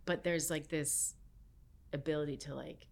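Low-voiced woman, soft and musing. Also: fairly even intonation, a little slow, creaky, a little hiss or hum. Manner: soft-spoken, many "like" fillers, drifts into near-whisper. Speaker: podcast guest, health chef. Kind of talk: casual chat.

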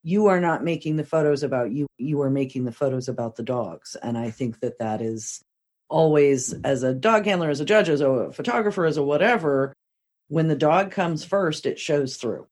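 A woman's voice: low voice, lively intonation, normal speed, darkish tone. A woman hosting a podcast, chatting in an encouraging, chatty way with her guest and closing the show. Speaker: podcast host. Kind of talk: interview and podcast outro.

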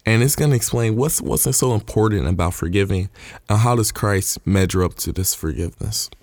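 A man preaches in a plain, low-pitched voice, pressing his points again and again with earnest conviction. He retells old stories in casual everyday words. The sound is close and dry. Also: a little mellow, no room sound. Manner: earnest, repeats points for emphasis; retells scripture in everyday terms. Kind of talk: informal sermon.

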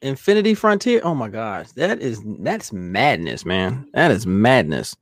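A man's voice: medium pitch, very animated, unhurried, dry recording, studio quality. A man talking as a guest on a casual podcast chat, laid-back, swearing freely and rambling on about comics.

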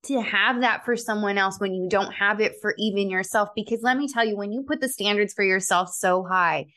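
A woman's voice: medium pitch, fairly quick, bright, forceful tone. Earnest woman pharmacist telling personal stories on a podcast, reflective, laughs a lot. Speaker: guest, clinical pharmacist. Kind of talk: personal storytelling in a podcast interview.

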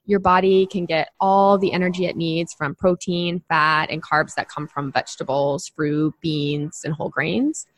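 Her low voice holds a steady tone as she talks at a moderate pace with hardly any pauses, and there's no echo. She's a nutrition coach and podcast co-host, casually explaining nutrition to clients with many fillers.

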